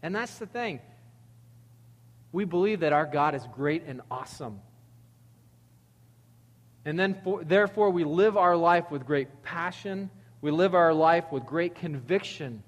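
A man preaching a sermon in a conversational, animated way, reading verses and acting out quotes. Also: a little high, unhurried, long pauses, in a large hall. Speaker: pastor.

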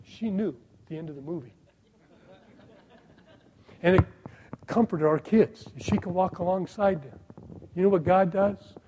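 A middle-aged male pastor with a fairly high, mellow voice. He preaches in a sermon style, firing rhetorical questions at his listeners and swinging from loud, stressed phrases to soft, hushed ones. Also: unhurried, long pauses, rough recording.

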